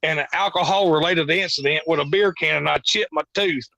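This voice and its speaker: A man with a high voice rambles through tales as a podcast guest, swearing constantly. His tone is bright and forceful, and the sound is close and dry with no room echo. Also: fairly quick, vocal fry. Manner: rambling, profane storytelling. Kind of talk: casual chat.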